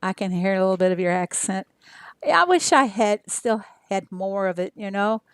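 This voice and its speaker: An older woman from Arkansas, chatting casually with viewers on her game livestream in an unhurried way with lots of fillers. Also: mid-range voice, clean tone, no room sound, clean studio sound. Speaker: game streamer.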